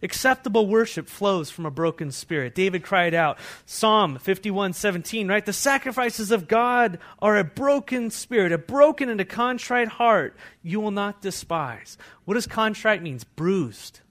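A pastor preaching a sermon, moving between hushed, intimate passages and loud, fervent scripture readings. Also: male voice, high-pitched, lively intonation, unhurried, hardly any pauses. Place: church.

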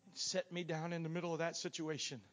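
Guy preaching in church, kinda high voice, soft guitar under it, gets loud then drops way down. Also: little pitch movement, quick pace. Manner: swings between loud shouting peaks and low, quiet asides. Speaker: guest preacher. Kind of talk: Pentecostal sermon. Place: church sanctuary.

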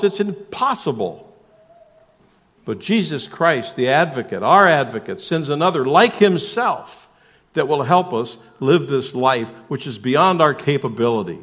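A man preaching a sermon as pastor, emphatic, asking rhetorical questions and shifting suddenly between loud and soft. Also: mid-range voice.

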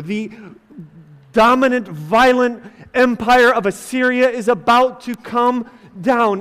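A male pastor delivers an emphatic sermon in a slow, deliberate cadence. His voice sits high, and a long reverb trails each phrase through the hall. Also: fairly bright tone. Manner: emphatic preaching, voices God's lines.

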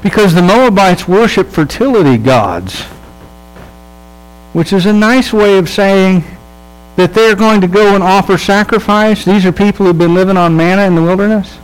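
A man with a notably high voice delivers a sermon in an easygoing, humorous storytelling way. He keeps checking in with his listeners and briefly acts out the people in the story as he goes. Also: moderate pace, clear, resonant tone, rough recording. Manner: conversational, checks in with the audience. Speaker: pastor.

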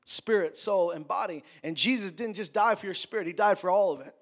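A man with a notably high voice preaches a sermon. He keeps it conversational, dropping jokes and quick asides as he teaches from the pulpit. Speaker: pastor.

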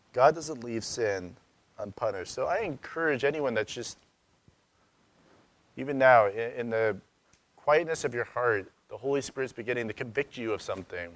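A man in his thirties preaching a sermon in a conversational, searching way, asking rhetorical questions and raising his voice for emphasis. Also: mid-range voice. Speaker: pastor.

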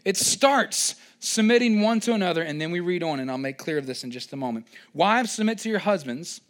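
A young man preaches a sermon in a slightly high voice, leaning on each point with emphasis. He breaks into joking asides and quick mock voices, then climbs to loud, excited stretches before settling back down. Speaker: pastor.

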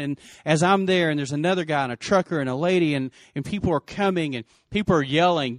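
A man's voice: on the high side, fast, few pauses, dry recording, studio quality. A middle-aged man earnestly retelling an emotional story, with many restarts. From West Texas. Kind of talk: personal storytelling.

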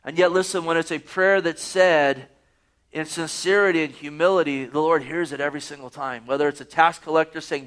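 A man's voice: a little high, steady tone, brisk, a bit bright, smooth. A man preaching a sermon, reading scripture aloud and pressing his points with rising emphasis. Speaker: pastor.

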